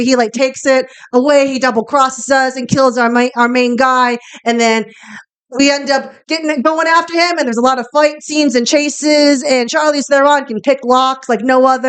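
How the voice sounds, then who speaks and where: A woman's voice: sits high, clean tone, natural voice, low-quality recording. Woman doing a swaggering foul-mouthed Boston guy. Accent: Boston (put on). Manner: crude, swaggering, constant cursing. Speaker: comedian guest.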